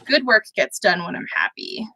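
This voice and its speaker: A woman's voice: medium pitch, normal speed, very noisy. A young woman hosting a livestream, chatting casually and rambling with many fillers as she sews. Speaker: livestream host. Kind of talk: casual chat while sewing.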